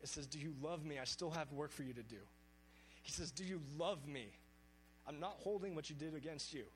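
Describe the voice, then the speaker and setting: Man preaching, earnest, scripture read with weight, slightly raised pitch, faint hum behind. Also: brisk, poor audio. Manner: earnest, reads scripture aloud with emphasis. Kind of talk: sermon.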